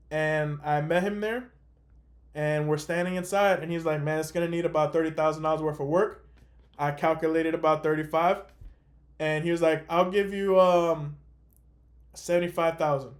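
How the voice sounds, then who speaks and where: A young man hosting a call, telling a story in a casual, animated way with lots of fillers. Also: fairly high pitch. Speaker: host.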